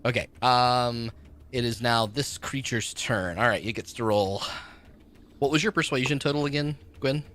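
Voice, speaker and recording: A man running a tabletop game as game master, narrating monsters and rules in a quick, chatty way. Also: mid-range voice, a bit bright.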